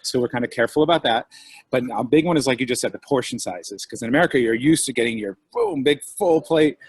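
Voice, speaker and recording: A husky man talks over a video call, animated and chatty, slipping into his customers' voices as he tells his stories. The sound is close and dry, with no room around it. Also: medium pitch, fast talker, no room sound. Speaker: guest author and diner owner. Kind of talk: casual video call chat.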